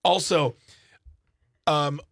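A man's voice: fairly high pitch, steady tone, extremely slow, creaky, fairly bright tone, no room sound, studio quality. A man co-hosting a talk radio show, blunt and joking. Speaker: radio co-host. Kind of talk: casual radio chat.

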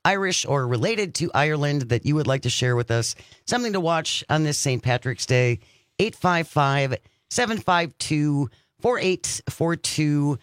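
A man's voice: on the high side, unhurried, dry recording. A man hosting a radio talk show in casual chat, reading out the phone number and listener messages. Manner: animated, reads out the phone number and listener texts.

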